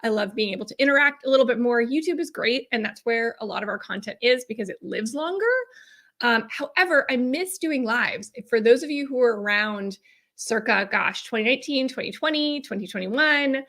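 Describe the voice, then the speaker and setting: A woman, chatting casually and upbeat with viewers as the host of a live stream, her voice a bit hoarse and with some throat clearing. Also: a little high, animated, a little fast, a bit bright. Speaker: host, accountant and profit strategist.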